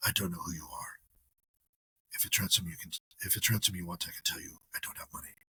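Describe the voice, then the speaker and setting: A man doing an impression of a middle-aged man threatening a kidnapper over the phone, in a low, hushed, cold voice. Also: fairly even intonation, fast, breathy edge, exaggerated voice, poor audio. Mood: menacing.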